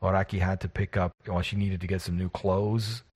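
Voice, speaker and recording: A husky, low-voiced man who runs the game, recapping the session in a loose, rambling way and poking fun at himself. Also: level tone, fairly quick, darkish tone. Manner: rambling and self-deprecating. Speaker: game master. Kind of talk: casual recap of a tabletop game.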